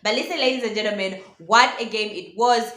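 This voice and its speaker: A woman hosting a casual football reaction vlog, talking excitably and addressing her viewers as ladies and gentlemen. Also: mid-range voice, a little fast. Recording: echoey room.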